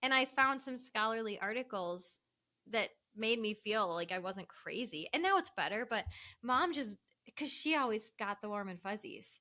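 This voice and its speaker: A young woman co-hosts in a casual, earnest way. Her voice is fairly high, and she explains her experiences carefully, stopping to correct her own wording along the way. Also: lively intonation, normal speed, pushed and bright. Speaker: podcast co-host. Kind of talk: casual chat.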